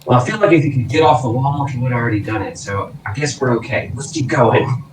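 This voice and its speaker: A man chats casually at a gaming table, often stumbling and restarting mid-sentence. He sits back from the mic, so his mid-pitched voice picks up a roomy echo over a faint hiss. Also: fast, distant mic. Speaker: player. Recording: roomy sound from away from the mic.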